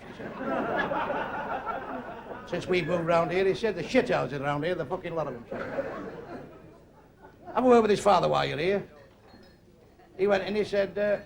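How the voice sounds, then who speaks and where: Gravelly older comic. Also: male voice, fairly high pitch, moderate pace, long pauses, background noise. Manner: blunt, crude, deadpan delivery. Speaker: stand-up comedian. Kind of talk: stand-up joke telling. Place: comedy club stage. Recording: live club crowd laughing. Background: audience laughter.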